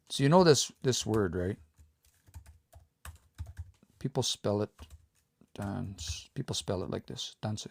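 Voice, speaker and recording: A man's voice: lowish voice, vocal fry, husky, dry recording. Man teaching casually on a livestream. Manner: explains patiently, thinking aloud, reads out viewer comments. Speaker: language teacher.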